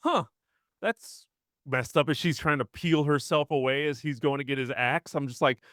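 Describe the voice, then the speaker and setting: Man, mid-pitch, casual co-host who narrates scenes with animated asides, dry sound. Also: a little fast, dry recording. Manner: animated retelling of scenes, quoting his own reactions. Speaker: podcast co-host reviewing a film. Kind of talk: casual chat.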